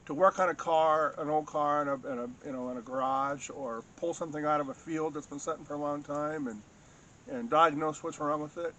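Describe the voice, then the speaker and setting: A man casually telling a long personal anecdote in a rambling, halting way, full of restarts and fillers. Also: on the high side, steady tone, a bit bright, slight background noise. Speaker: storyteller recounting a personal encounter. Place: home in a rural farming area.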